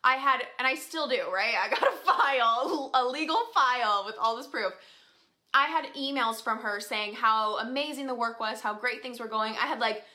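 A woman's voice: a little high, moderate pace, bright, forceful tone. A young woman casually telling a story to her viewers, chatty and full of "like" fillers, laughing often. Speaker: vlogger.

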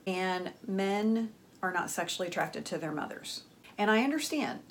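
A woman's voice: medium pitch, lively intonation, a little slow, a little hiss or hum. A woman hosting a relationship advice channel, talking emphatically to viewers and checking in with "okay?". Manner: emphatic, frequent "okay?" check-ins, acts out quoted dialogue. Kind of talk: direct-to-camera advice talk.

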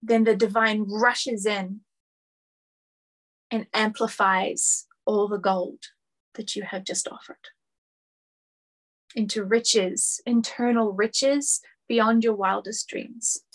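A woman's voice: mid-range voice, steady tone, takes it slowly, long pauses. A woman spiritual teacher giving a lecture, speaking earnestly and building her points through repeated phrases.

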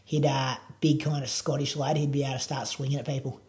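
A man's voice: medium pitch, little pitch movement, fast talker, gravelly, a little mellow. A man with an Australian accent, a running podcast producer and coach, chatting casually in an interview with lots of fillers. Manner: laid-back, rambling, lots of fillers.

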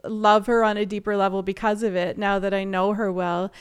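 A woman in her thirties telling a story as an interview guest, in a chatty, animated way with frequent laughs. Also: medium pitch, fairly quick, clear, resonant tone.

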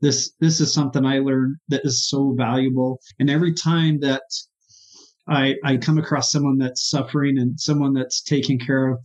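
A man, a therapist, telling his personal story as an interview guest in an earnest, halting, emotional way. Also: mid-range voice, little pitch movement, darkish tone. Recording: dull lo-fi sound.

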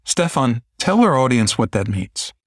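A man hosting a podcast, asking his guest measured, earnest questions. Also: mid-range voice, big pitch swings. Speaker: podcast host. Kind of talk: interview questions.

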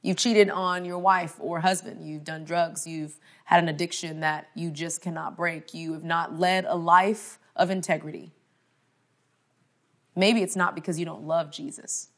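A woman in her thirties speaks at a conference with a somewhat low voice. She mixes humorous storytelling with preacherly emphasis and direct questions to the audience. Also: fairly even intonation, a little slow. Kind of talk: conference talk.

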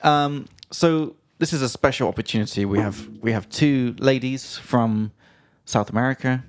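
A man's voice: medium pitch, moderate pace. A British man hosting a casual podcast, playfully repeating Spanish words as he learns them. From Britain. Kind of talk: casual chat.

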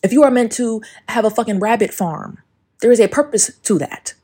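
A woman's voice: fairly high pitch, brisk, mellow, slightly rough. A woman hosting a casual spiritual podcast, talking emphatically with plenty of swearing and often breaking into song lyrics. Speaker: podcast host.

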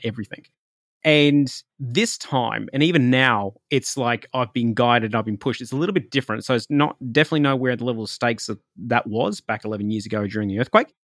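A man's voice: medium pitch, no room sound, studio quality. A man, hosting a podcast and telling a personal story in a chatty, rambling way full of fillers and restarts. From Australia. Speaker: podcast host and spiritual reader.

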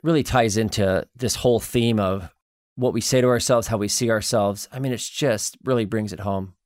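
A man hosting an interview, asking his guest in an earnest, quick way to share a story. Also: fairly low pitch, steady tone, darkish tone, no room sound, clean studio sound. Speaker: host. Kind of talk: interview questions.

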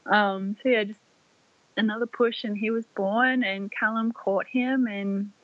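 A woman's voice: medium pitch, fairly even intonation, a little slow, no room sound, phone-quality sound. A young woman casually and emotionally telling her birth story, with many fillers and restarts.

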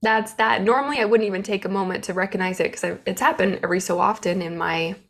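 A woman's voice: mid-range voice, fast talker. Candid woman sharing business struggles. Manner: open, emotional, animated storytelling. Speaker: business owner. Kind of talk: candid personal vlog.

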